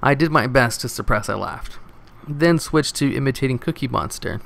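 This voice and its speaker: A man narrating a story from an online post, expressive and wry, with a few stumbles over words. His voice sits at an ordinary middle pitch for a man. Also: moderate pace, vocal fry. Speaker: narrator reading online posts. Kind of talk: first-person story reading.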